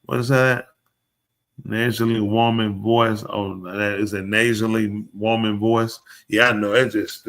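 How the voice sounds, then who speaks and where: A man's voice: on the low side, steady tone, measured pace, a bit bright. A man hosting a live podcast show, ranting bluntly and opinionatedly in casual chat and addressing the people around him. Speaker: podcast host.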